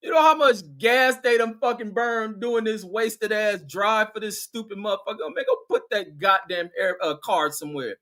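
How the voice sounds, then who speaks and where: A man giving loud, mocking, profane commentary over news footage, scornful and quick to laugh. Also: high voice.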